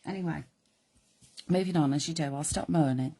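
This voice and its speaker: A woman with a croaky voice hosting a live card-making demonstration, chatting in rambling asides to her viewers. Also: low-pitched, moderate pace, warm tone. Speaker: crafting host.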